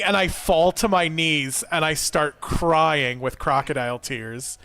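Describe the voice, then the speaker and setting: A man playing a tabletop game, talking excitedly and playfully. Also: fairly high pitch, unhurried, few pauses. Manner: excited, playful, acts out wailing in character. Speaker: player.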